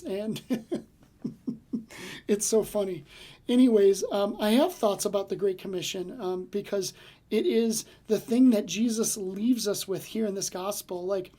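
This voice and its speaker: A man's voice: high voice, unhurried, warm tone. A man hosting a casual devotional podcast, telling stories in a chatty way with many fillers and restarts. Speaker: podcast host and ministry leader.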